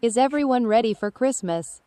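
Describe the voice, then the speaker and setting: A woman's synthetic voice reading viewers' chat messages aloud in a flat, even way. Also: a little high, moderate pace, no room sound. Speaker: text-to-speech chat reader.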